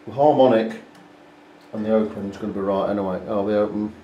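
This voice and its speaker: A man's voice: lowish voice, fairly even intonation, fast, highs cut off, slight background noise. A man, a guitar repair technician chatting step by step as he works on an instrument at his bench. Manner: chatty, explains step by step, talks while working. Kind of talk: hands-on repair walkthrough. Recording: echoey workshop room.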